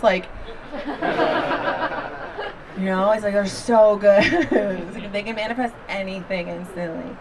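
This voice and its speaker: A woman's voice: mid-range voice, normal speed, long pauses, background noise. A woman in her thirties doing a stand-up set on an outdoor stage, talking in a confessional, chatty way with lots of fillers. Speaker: stand-up comedian. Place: outdoor backyard comedy show. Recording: live crowd, voice a bit distant. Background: laughing audience.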